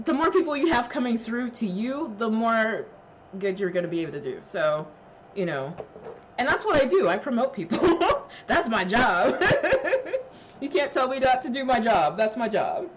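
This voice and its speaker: Emotional woman streamer with a lively voice. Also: a little high, moderate pace, noisy background. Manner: emotional, laughing, thanking chat, many fillers. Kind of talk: casual live-stream chat.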